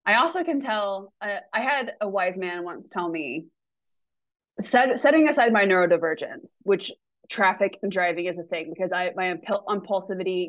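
A woman speaks openly and with animation in a relaxed podcast chat, swearing casually as she goes. Her voice sits in a middle register. The recording is dry and a touch muffled. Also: medium pitch, moderate pace, no room sound. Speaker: podcast guest. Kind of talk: casual conversation.

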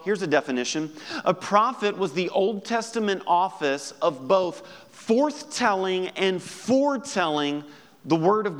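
A man with a high voice preaches in an easygoing, conversational way. He acts out little exchanges as he goes. His voice rings out with a long reverb, as in a big church hall. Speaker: pastor. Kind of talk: sermon.

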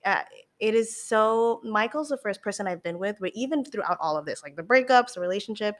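Young woman rambling on a podcast, lots of likes and swearing, really animated. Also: mid-range voice, brisk. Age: young adult. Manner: animated, many fillers and swears. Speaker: podcast guest. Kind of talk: candid casual chat.

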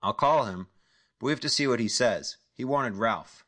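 A man's voice: medium pitch, lively intonation, moderate pace, sharp tone. A man voicing a nervous male hustler who bluffs his way through a deal, speaking in hesitant, eager questions. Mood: uneasy.

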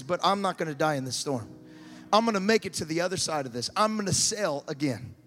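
A man preaching a sermon with passion, building to shouts and stumbling over repeated words. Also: on the high side, lively intonation, a little fast, long reverb tail, faint music behind.

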